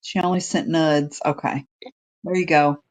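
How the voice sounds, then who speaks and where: A woman co-hosting a livestream joins the chat with jokes and quick laughs. Her voice sits on the lower side for a woman. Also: steady tone, a little mellow. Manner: joking and laughing. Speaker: co-host. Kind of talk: casual chat.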